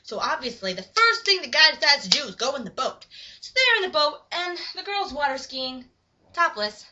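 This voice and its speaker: A woman's voice: high voice, big pitch swings, moderate pace, sharp tone. A young woman casually retelling a horror movie, acting out the sound effects and bits of dialogue. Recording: muffled lo-fi recording.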